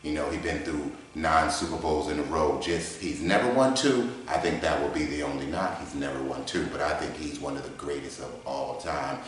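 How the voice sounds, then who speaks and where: A man voicing a mild-mannered, soft-spoken male debater who talks in a measured, hesitant way, recorded in a garage. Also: a bass voice. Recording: echoey garage.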